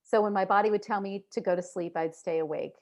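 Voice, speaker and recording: A woman guest in a casual interview, earnest and reflective, who acts out inner voices with sudden jumps in pitch. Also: fairly even intonation, fast talker, a little mellow.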